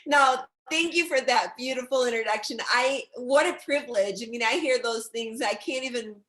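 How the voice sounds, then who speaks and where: A woman's voice: fairly high pitch, brisk, a bit bright. Emotional woman guest in an echoey room. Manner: emotional, grateful, speaks of faith. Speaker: guest speaker. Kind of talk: heartfelt video call remarks.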